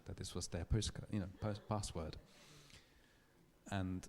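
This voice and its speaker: A man giving a public lecture, telling a story in a thoughtful, measured way with small restarts. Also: low-pitched, level tone, a little mellow. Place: lecture hall.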